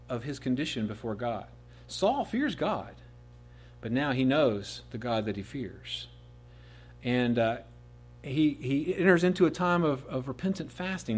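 A man preaching a sermon, rising to loud emphatic peaks and dropping to soft, slow asides on key phrases. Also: medium pitch. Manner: slows right down to dwell on key phrases.

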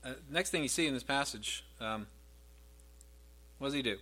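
At a moderate pace, a middle-aged pastor delivers his sermon in a husky, medium-pitched voice. He stresses his words, rising louder and higher on scripture he repeats before easing back down.

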